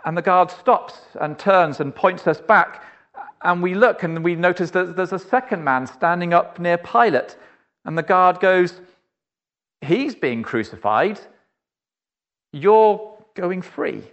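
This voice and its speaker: A male preacher, telling a vivid story in a sermon and addressing the listener directly, often dropping to a soft, low, pleading voice. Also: unhurried, muffled recording.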